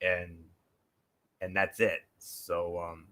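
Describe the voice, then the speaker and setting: A man's voice: sits low, level tone, extremely slow, a bit bright. A man hosting a casual wrestling talk show, rambling through memories with many fillers and restarts. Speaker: podcast host.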